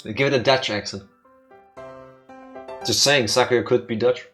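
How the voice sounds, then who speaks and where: A man's voice: medium pitch, steady tone, a little slow, fairly bright tone. A man co-hosting a let's play, chatting casually and hamming up the game's lines in mock-dramatic voices. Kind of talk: casual gameplay chat with voiced readings. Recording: faint music behind.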